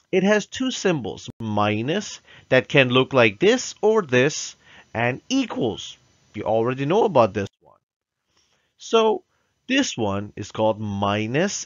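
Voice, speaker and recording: A man teaches arithmetic to young children at an unhurried pace, his pitch bouncing up and down as he coaxes and checks that they follow. The recording is dry and somewhat dull, like a modest classroom video setup. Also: no echo. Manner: slow, patient, coaxing with frequent "right?" checks; drills pronunciation, having children repeat words. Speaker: math teacher.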